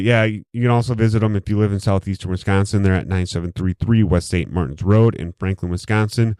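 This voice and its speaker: A man with a lowish, slightly mellow voice and a clear, resonant tone hosts a casual podcast. He rambles and jokes with heavy profanity, recorded close on a studio mic with a dry sound.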